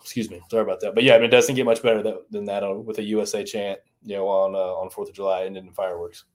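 Guest type: low monotone Southern man, chatty coach, rambles. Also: racing. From American South. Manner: rambling, many restarts and "you know"s. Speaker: former college baseball strength coach, guest. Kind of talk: casual podcast interview.

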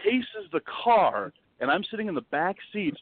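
Animated man telling a wild story. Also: sits high, moderate pace, dry recording. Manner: animated, dramatic, swears freely. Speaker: podcast guest, wildlife video producer. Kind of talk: casual storytelling. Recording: dry, tinny phone-like line.

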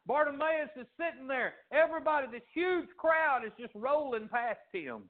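A man with a high voice preaches a sermon, rising and falling sharply as he acts out the people in his story. The sound is thin and tinny, as if heard down a phone line. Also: expressive, moderate pace, hardly any pauses. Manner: preaching with dramatic pitch swings, acting out quoted voices. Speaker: pastor.

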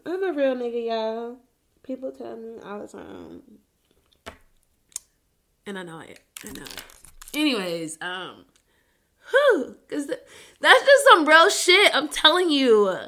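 A woman's voice: on the high side, very animated, a little slow, long pauses, sharp tone. A woman hosting a podcast in a casual chat, speaking in a candid, emotional way with plenty of swearing. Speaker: podcast host.

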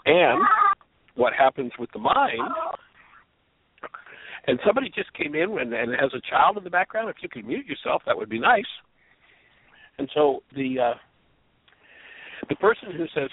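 Male radio host, gravelly, lively delivery, tinny phone line. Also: mid-range voice, normal speed, long pauses, dry recording. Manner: lively, acts out other people's voices in quotes. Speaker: radio show host and healing teacher. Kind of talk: teaching talk on a call-in radio show.

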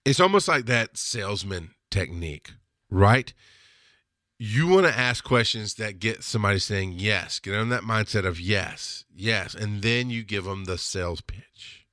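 A man's voice: on the low side, measured pace, pushed and bright, dry recording, studio quality. A middle-aged man hosting a podcast, talking in a casual, rambling way and often breaking into laughter. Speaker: podcast host. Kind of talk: casual livestream monologue.

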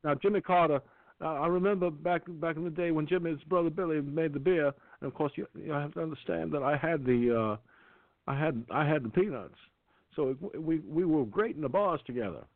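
A man's voice: a little high, brisk, no echo, natural voice. A man doing a folksy old southern president. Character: older male southern ex-president, folksy, rambling. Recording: dry phone line.

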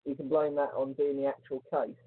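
A man co-hosting a casual chat show, teasing and joking in an animated way. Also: medium pitch, fairly quick, husky, dry recording. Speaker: podcast co-host. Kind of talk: casual banter. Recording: phone-like lo-fi line.

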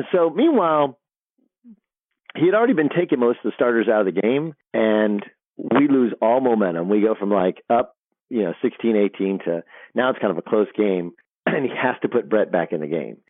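A middle-aged man, a sports broadcaster, telling animated locker-room stories as an interview guest, often restarting his sentences. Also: lowish voice, moderate pace, no room sound. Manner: animated storyteller, frequent restarts. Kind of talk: storytelling interview. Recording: dry tinny phone line.

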